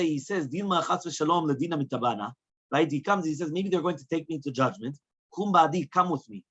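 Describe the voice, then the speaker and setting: A man's voice: fairly high pitch, fairly bright tone, slightly rough, dull audio. A man teaching a Talmud lesson as a rabbi, asking rhetorical questions and moving between Hebrew and English. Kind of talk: Talmud lecture.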